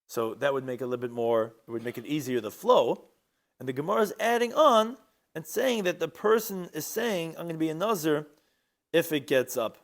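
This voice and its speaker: Animated man teaching a Talmud class. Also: on the high side, brisk. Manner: animated, rhetorical questions, mixes Hebrew and Aramaic terms. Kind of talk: Talmud lecture.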